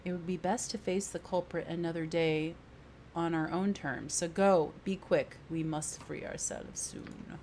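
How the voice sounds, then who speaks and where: A woman doing a commanding woman adventurer with a put-on British accent, her lines read out formally and with weight from a role-playing game. The voice sits fairly low and steady, with a faint hiss of room noise underneath. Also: unhurried. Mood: resolute. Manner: formal, declamatory reading of game dialogue. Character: stern adult woman adventurer, commanding, with a mock British lilt. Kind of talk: reading game dialogue aloud in character.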